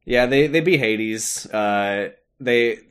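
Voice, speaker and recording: A man's voice: medium pitch, slow, clean tone. A man co-hosting a podcast, chatting casually about a video game, laughing often and acting out the characters' lines. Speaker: podcast co-host.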